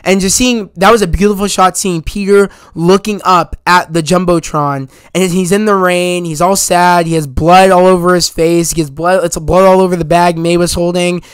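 A man with a high, smooth, clear voice gushes through a rambling film review, stacking "you know" fillers as he goes. He is recorded close on a dry mic, and he gets loud and high whenever he is thrilled. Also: fairly even intonation, normal speed, hardly any pauses, no echo. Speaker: movie reviewer. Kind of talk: excited casual spoiler review.

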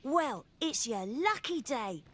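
Scheming game trader woman: husky, slangy, lilting. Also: high-pitched, sing-song, slow pace, fairly bright tone, heavily acted. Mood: sly. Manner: slangy, breezy, sly. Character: cheeky scheming female salvage trader.

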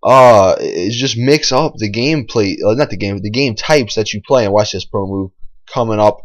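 A man's voice: on the low side, moderate pace. A man giving casual voice-over commentary on his own gameplay, rambling and boastful, swearing freely and full of fillers and restarts. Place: voice-over recorded over game footage.

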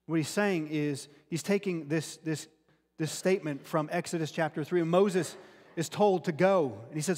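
Long hall reverb surrounds a pastor speaking at a normal speed in a slightly high, somewhat mellow voice. Earnestly teaching from scripture in his sermon, he frequently restarts words.

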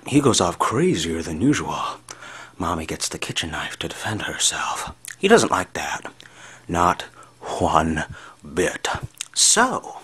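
A husky, menacing scarred villain. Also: male voice, deep voice, fairly bright tone, full character voice. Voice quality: husky, whispery. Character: menacing male villain with scars, unhinged.

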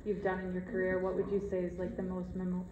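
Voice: mid-range voice, monotone, fast talker, dark tone, slight background noise. A panel interviewer asking casual questions and adding brief agreeing interjections. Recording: echoey hall, dull sound.

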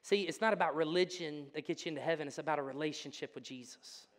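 Male pastor, sermon delivery, dynamic swings from hush to exclamation; church sanctuary with lingering reverb. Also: on the high side, fast talker. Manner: swings between hushed intensity and loud exclamation.

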